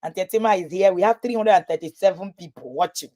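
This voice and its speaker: Her voice is fairly low and fairly quick: a Nigerian parenting coach speaking to parents in a live online session. She narrates lively stories and acts out people's words.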